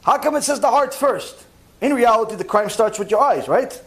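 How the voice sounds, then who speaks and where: A man, a rabbi, giving a lively sermon and acting out little scenes with mock dialogue. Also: very high voice, normal speed. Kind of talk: sermon lecture.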